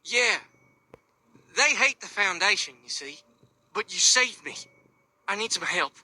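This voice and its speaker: A jittery young man who pleads hesitantly for help. His voice is high and bright, and it sounds dry and close. He is a nervous follower in a game scene. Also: expressive, measured pace, no echo, full character voice. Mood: pleading. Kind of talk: video game voice acting.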